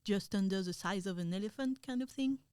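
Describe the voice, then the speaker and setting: A young woman with a French accent talks casually as a podcast guest. Her voice is smooth and the sound is dry and close. She hesitates often and laughs easily. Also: mid-range voice, a little fast, darkish tone, no echo. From France.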